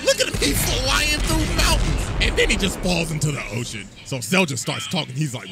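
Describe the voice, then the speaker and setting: A man casually narrating a comedic anime recap in an animated, playful way, full of crude slang. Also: high-pitched, brisk, vocal fry, hardly any pauses. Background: music.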